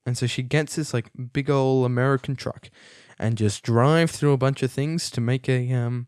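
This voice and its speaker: A young man talks through a film in a loose, amused ramble, full of ums and false starts. His voice sits in an ordinary middle pitch. The recording is dry and close, with no room echo. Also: fairly even intonation, moderate pace, darkish tone, smooth. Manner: chatty, many fillers and restarts, amused. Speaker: podcast host reviewing a film. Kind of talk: casual rambling review.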